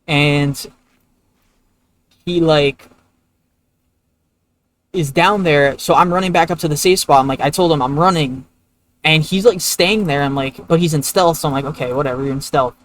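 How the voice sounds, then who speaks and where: A man's voice: on the high side, a little slow, long pauses, poor audio. A man streaming a video game, telling a long story in a loose, rambling way with lots of filler words. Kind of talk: casual gameplay commentary.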